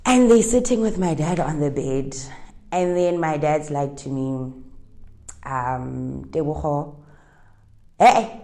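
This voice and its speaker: A young South African woman, a Setswana speaker being interviewed, tells a personal story in a chatty, meandering way, mixing Setswana phrases into her English. Her voice is low and dark, and she speaks slowly.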